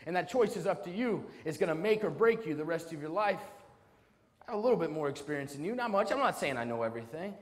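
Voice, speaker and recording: A man in his twenties giving a motivational speech at a school assembly, dramatic, swinging between loud and hushed. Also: a little high, lively intonation, quick pace. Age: 20s. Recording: long hall reverb.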